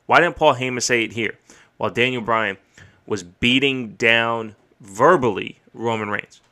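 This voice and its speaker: Excitable profane man recapping wrestling. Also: mid-range voice, unhurried. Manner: excited, profane, recounts and quotes matches. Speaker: podcast host. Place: home streaming setup.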